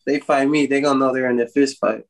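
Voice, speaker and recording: Brash man with a flat, even delivery. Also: mid-range voice, fast talker. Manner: brash, swaggering. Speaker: guest fighter. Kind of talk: casual interview chat.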